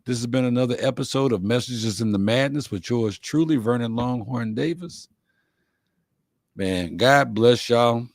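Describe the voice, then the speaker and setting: A man's voice: mid-range voice, moderate pace, no echo, clean studio sound. A man hosting an inspirational show, speaking from the heart in folksy phrasing and repeating his key lines. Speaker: host of an inspirational livestream show. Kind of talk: heartfelt motivational talk.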